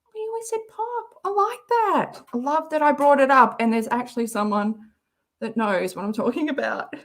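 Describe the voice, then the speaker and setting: An Australian woman hosting a livestream, chatting casually and giggling while she reads out viewer messages. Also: fairly high pitch. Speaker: livestream host. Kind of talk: casual chat reacting to a clip.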